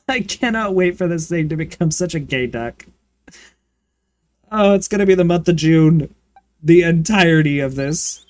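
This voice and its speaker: A man chatting casually and campily while streaming a video game, with playful swearing and excited bursts. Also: on the high side, moderate pace, long pauses, dry recording. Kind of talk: casual gaming livestream chat.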